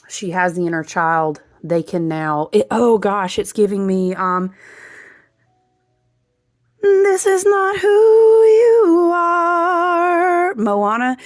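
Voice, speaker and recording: A woman's voice: fairly low pitch, gravelly. A woman giving a rambling, intuitive spiritual astrology reading, breaking into asides and laughs. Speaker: astrology reader.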